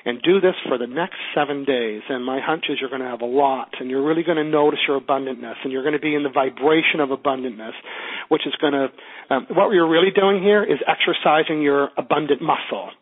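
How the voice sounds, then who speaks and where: Husky Canadian man teaching by phone. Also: mid-range voice, a little fast. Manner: upbeat, coaching, asks the class questions. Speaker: teleclass teacher. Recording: tinny phone line.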